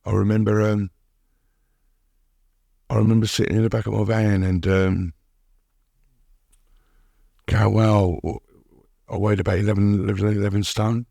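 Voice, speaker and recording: A middle-aged man, a guest telling his story haltingly, repeating words and saying "you know what I mean" often. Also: lowish voice, flat delivery, creaky, dark tone, no room sound, studio quality. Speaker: podcast guest. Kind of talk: candid recovery interview.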